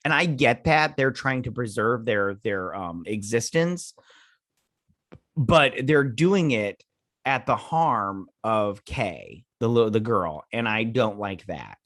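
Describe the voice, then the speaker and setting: A man's voice: lowish voice, expressive, takes it slowly, a bit bright, no room sound, studio quality. A man hosting a casual TV episode recap, rambling through the plot with lots of fillers and restarts, sipping coffee early in the morning. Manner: rambling, filler-heavy, paraphrasing scenes. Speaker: host reviewing a TV episode.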